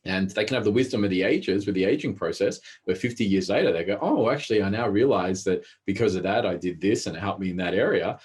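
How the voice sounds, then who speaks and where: Fast-talking deep husky man. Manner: fast, animated storytelling. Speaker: interview guest, behavioural specialist. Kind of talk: casual interview talk.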